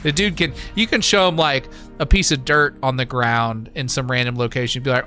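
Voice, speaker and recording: A man's voice: mid-range voice, steady tone, a little fast, sharp tone, soft background music. A man hosting a live stream in casual chat, easygoing and rambling with lots of fillers. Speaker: livestream host.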